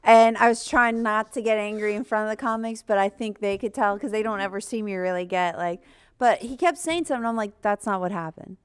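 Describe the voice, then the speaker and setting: A young adult woman comedian hosting a podcast, telling animated stories with lots of swearing and laughter. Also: mid-range voice, a little fast, clear, resonant tone, no echo, studio quality. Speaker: podcast host, stand-up comedian. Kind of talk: casual interview chat.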